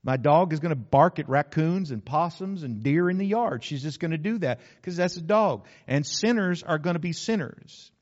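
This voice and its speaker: A man, a pastor, preaching a sermon in an earnest way, slowing down to stress key words. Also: on the high side, expressive, darkish tone. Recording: slightly dull lo-fi sound.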